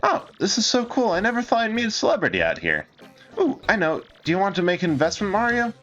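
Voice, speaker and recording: A man doing a squeaky, excited prospector hustler. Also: dull audio, soft background music. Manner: excitable, fast salesman pitch. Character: eager young male get-rich-quick prospector.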